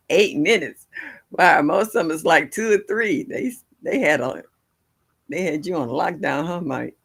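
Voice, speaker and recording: Older lady hosting a garden livestream, folksy and chatty, raspy edge, laughs a lot. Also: sits low, slow pace, long pauses, a bit bright. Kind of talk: casual chat with live viewers. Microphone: livestream setup.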